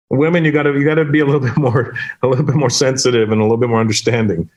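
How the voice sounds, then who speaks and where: A man's voice: medium pitch, fairly even intonation, fast talker, lo-fi sound. A man, a stand-up comedian and the guest, telling stories casually and animatedly and jumping into quoted voices. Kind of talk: casual storytelling in conversation.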